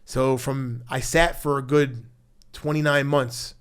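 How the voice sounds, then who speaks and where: A man's voice: medium pitch, fairly even intonation, takes it slowly, clear, resonant tone. A man in his fifties with a Philadelphia accent, telling his story as a podcast guest in blunt, profane street talk, acting out past conversations. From South Philadelphia. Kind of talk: storytelling interview. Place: podcast studio.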